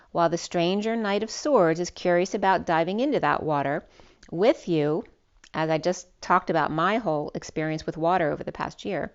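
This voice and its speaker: A woman with a fairly low voice talks her way through a spiritual tarot reading, rambling and restarting her words as she goes. The recording sounds dull and lo-fi. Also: clean tone. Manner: rambling, with frequent restarts and ums. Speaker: tarot reader.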